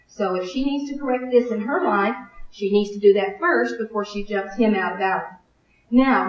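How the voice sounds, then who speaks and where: An older woman teaching a Bible class, practical and earnest, rehearsing phrases out loud. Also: medium pitch, distant mic. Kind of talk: recorded Bible class lesson. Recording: muffled, echoey room from afar.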